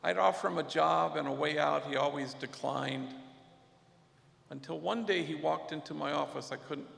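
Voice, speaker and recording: A man giving an unhurried, reflective storytelling speech at a luncheon, dropping in Spanish slang. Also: on the high side, gravelly, a bit bright. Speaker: guest speaker at a luncheon. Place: event hall. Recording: echoey hall with long reverb.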